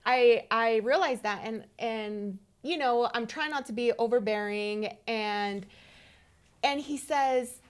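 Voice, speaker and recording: Woman, thirties, podcast co-host, animated storyteller, slightly high voice. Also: slow, clean tone. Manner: animated storyteller, acts out dialogue. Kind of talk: casual conversation.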